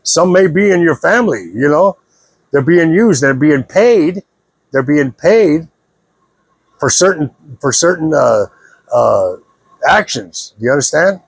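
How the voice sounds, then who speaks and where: A man's voice: fairly high pitch, animated, measured pace, slightly rough, no echo. A man talking straight to his viewers in a casual, preachy monologue. He repeats himself earnestly and keeps checking that they follow him. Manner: earnest, repetitive, keeps checking the listener understands. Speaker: vlogger giving advice.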